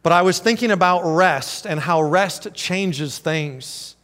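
Animated high-voiced male pastor, echoing hall. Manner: animated, acts out voices, slows for emphasis. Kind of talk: sermon.

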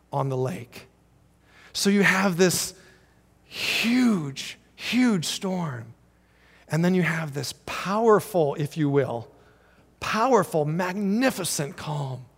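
A male pastor preaching a sermon in an animated way, acting out voices and slowing down for emphasis. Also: a little high, long reverb tail.

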